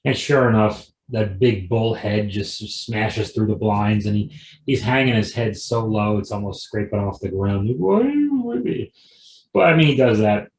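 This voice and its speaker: A man's voice: lowish voice, steady tone, normal speed, a little hiss or hum. Rambling wry man in a roomy echo. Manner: rambling, digressive, with frequent restarts; wry and offhand. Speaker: comedy podcast host. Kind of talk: casual solo podcast monologue.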